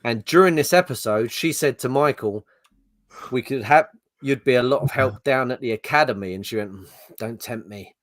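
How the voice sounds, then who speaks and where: A man's voice: medium pitch, a little fast, no room sound. A middle-aged man in a casual podcast chat, venting and grumbling with frequent swearing. His voice sits mid-range, close and dry with no room around it. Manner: ranting, exasperated, swears freely. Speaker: podcast co-host.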